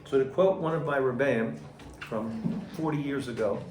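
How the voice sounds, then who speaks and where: A man's voice: medium pitch, normal speed. A man teaching a Torah lesson to a class, asking questions and acting out quotes with rising energy. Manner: animated, asks the class questions, acts out quotes loudly. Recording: echoey room, mic far off.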